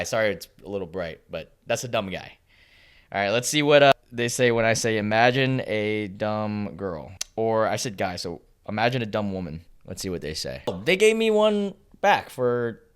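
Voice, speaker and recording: A young man hosting a casual reaction video, chatty and excitable, laughing often between lines. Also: mid-range voice. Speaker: YouTube host.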